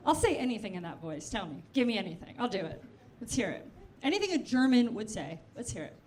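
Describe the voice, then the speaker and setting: A woman doing a stand-up comedy set in a club, chatting quickly with the crowd in quick asides. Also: medium pitch, sing-song. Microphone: handheld stage mic. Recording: noisy live club recording.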